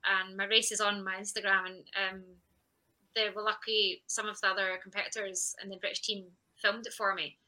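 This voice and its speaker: Bright-voiced woman telling her story. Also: medium pitch, little pitch movement, moderate pace, rough recording. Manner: candid and reflective, with frequent laughs and quoted self-talk. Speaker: athlete guest. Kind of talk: personal storytelling in a podcast interview.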